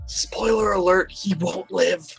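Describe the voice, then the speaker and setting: A man playing a tabletop horror game, asking for rolls and cursing at bad results in a quick, expressive way. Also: sits high, vocal fry, slightly rough, dry recording, faint music behind. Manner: swearing, expressive, quick asides. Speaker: player.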